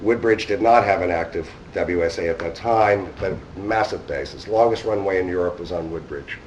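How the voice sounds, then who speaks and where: Recorded lo-fi from a distance in a conference hall, with slight background noise, a man in his 50s from New York speaks in a low voice at a moderate pace. His talk is a rambling, casual anecdote in which he performs the dialogue himself.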